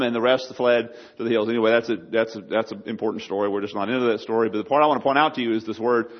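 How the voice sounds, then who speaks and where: A man's voice: lowish voice, fairly even intonation, racing, few pauses. Earnest male pastor preaching, lo-fi. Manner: earnest, repeats words, rises loud on quotes. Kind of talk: sermon.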